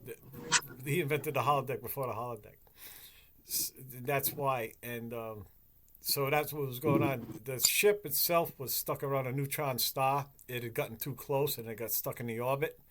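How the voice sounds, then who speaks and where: A man's voice: mid-range voice, moderate pace, a little hiss or hum. Profane rambling man telling stories. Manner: rambling, profane, animated storytelling. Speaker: podcast host. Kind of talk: casual chat.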